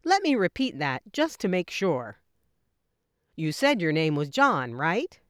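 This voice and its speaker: Woman, lesson reader: smooth, resonant voice, animated pitch on each phrase. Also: no room sound, clean studio sound. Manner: clear, measured delivery with lively lifts on each example. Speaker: English teacher. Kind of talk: reading example phrases.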